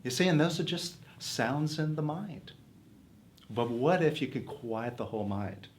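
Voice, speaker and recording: A man's voice: medium pitch, lively intonation, unhurried, a little hiss or hum. A man teaching self-help in an earnest, coaxing motivational talk, posing questions to his listeners.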